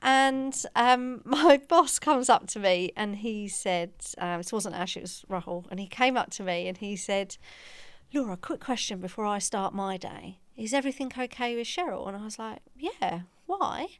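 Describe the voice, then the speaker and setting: A woman's voice: mid-range voice, lively intonation, normal speed, smooth, no room sound. A woman podcast co-host and practice manager, telling a story in casual chat and acting out the quoted dialogue with laughter.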